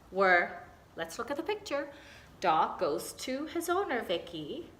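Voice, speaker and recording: A woman teacher speaking slowly and clearly to parents, with a sing-song storytime delivery, in what sounds like a classroom. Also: mid-range voice, sharp tone. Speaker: kindergarten teacher. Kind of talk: recorded update for parents. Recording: echoey room, faint hiss.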